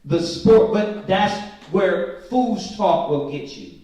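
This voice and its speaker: A man with a fairly high voice leads an informal scripture study, stretching out the verses and then riffing on them in loose street talk. He sounds set back from the mic, and the large room around him rings with heavy echo. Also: expressive, darkish tone. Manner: slow emphatic scripture reading mixed with casual slangy commentary. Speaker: Bible study teacher. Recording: very echoey room from a distant mic.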